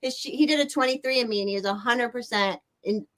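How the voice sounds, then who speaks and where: A woman's voice: on the high side, a little fast. A young woman hosting a casual livestream, chatting in a giggly, meandering way.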